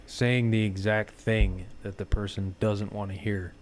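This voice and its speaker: Deep, flat-voiced man speaking slowly. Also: slight background noise. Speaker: guest. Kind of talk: casual chat.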